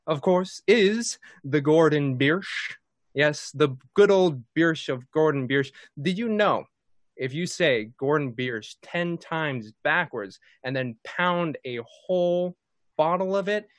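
A man's voice: fairly high pitch, no echo, clean studio sound. A man hosting and running a tabletop game stream in a casual, jokey, playful way. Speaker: dungeon master and host. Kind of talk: casual live-stream chat.

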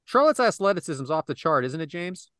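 A man's voice: on the high side, a little fast, no echo, clean studio sound. A man hosting a casual podcast chat, recapping a match play by play and calling on his co-hosts by name. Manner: animated, calls on co-hosts by name. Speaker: podcast host.

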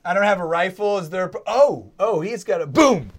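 A man co-hosting a casual reaction chat, joking and sarcastic with quick asides. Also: high-pitched, expressive. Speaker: co-host.

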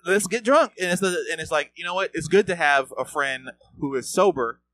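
Bright-voiced, fast-talking man, profane. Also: fairly high pitch, no echo. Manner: fast, profane, repeats words when excited. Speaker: podcast co-host. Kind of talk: casual chat.

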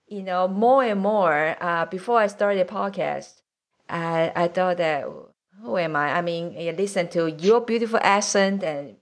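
A woman in her late forties with a mixed accent, hosting a podcast and chatting casually, halting with many fillers and frequent laughter. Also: mid-range voice. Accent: mixed accent from several places. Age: 40s. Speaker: podcast host. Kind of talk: casual conversational interview.

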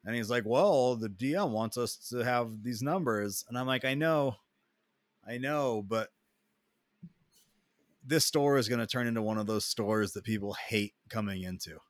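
A man co-hosting a casual podcast, talking bluntly with plenty of cursing and quick reactions. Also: medium pitch, dry recording, studio quality. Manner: blunt, profane, short reactions. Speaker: podcast co-host. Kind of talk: casual chat.

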